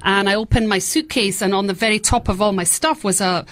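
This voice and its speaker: A woman's voice: mid-range voice, a little fast, fairly bright tone. A woman guest in casual radio chat, telling stories in a playful, teasing way.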